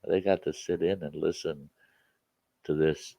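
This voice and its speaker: A man's voice: extremely low pitch, fairly even intonation, unhurried, creaky, dark tone, no room sound. A man hosting a casual chat show, telling rambling, folksy stories with many restarts. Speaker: campfire chat show host.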